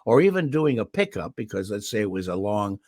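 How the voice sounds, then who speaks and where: Animated older man with a scratchy throat. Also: lowish voice, a little fast, no room sound, clean studio sound. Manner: animated anecdotal delivery with restarts. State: throat irritated, clearing it often. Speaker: voice actor guest. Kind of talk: interview storytelling. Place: home in California.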